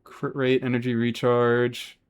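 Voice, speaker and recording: A man's voice: mid-range voice, monotone, a little slow, smooth. A man live-streaming a game, chatting casually and answering chat, swearing freely as he talks. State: has hiccups.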